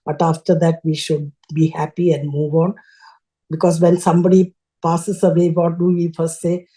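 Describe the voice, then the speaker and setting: An older woman shares a personal devotional story as a guest. Her voice sits low and has a soft, mellow warmth. She speaks haltingly, breaking off mid-phrase and restarting as she looks for the right word. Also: level tone, low-quality recording. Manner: halting, searching for words with frequent restarts. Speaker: guest sharing a devotional testimony.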